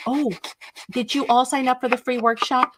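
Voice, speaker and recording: A woman's voice: high voice, steady tone, normal speed, background noise. A woman hosting a craft live stream, chatting casually with viewers in an enthusiastic, rambling way.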